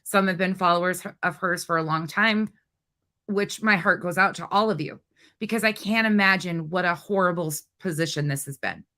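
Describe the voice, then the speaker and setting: A woman hosts a reaction commentary channel, her fairly low voice bright and forceful at a moderate pace. She rants bluntly and indignantly, mixing profanity with sarcastic mockery.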